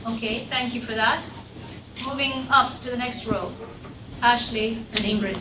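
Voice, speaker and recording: A Jamaican woman lecturer leading a class discussion and telling animated stories about her school days. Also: fairly high pitch, measured pace. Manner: animated storyteller, lively when retelling scenes. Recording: echoey classroom, distant mic, noisy.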